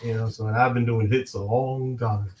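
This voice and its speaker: A man's voice: mid-range voice, fairly even intonation, a little mellow, rough recording. Laid-back New York man, laughing easily. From Harlem, New York. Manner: laid-back, laughs often, quick asides. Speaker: guest, musician and producer. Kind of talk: casual interview.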